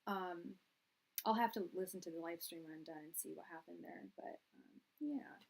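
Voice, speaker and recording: A woman hosting a tarot live stream from a room at her parents' house, chatting in a soft, soothing voice with many fillers and restarts. Her audio comes through quiet and low. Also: normal speed, poor audio. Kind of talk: casual live-stream chat. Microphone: quiet, low-level live-stream audio.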